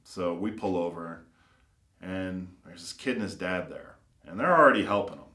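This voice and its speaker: A custom car builder tells his stories in a relaxed, meandering way, peppering them with fillers and little impressions of the people he quotes. His voice sits low, and the room around him rings with a noticeable echo. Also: moderate pace. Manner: rambling, filler-heavy, acts out quoted voices. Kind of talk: casual anecdotal storytelling. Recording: roomy echo.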